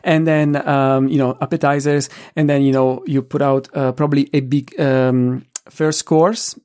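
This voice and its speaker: A man hosting a podcast, talking in a relaxed way with frequent pauses and fillers. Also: mid-range voice, smooth. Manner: relaxed, thoughtful, many fillers. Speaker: podcast host. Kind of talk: casual conversation.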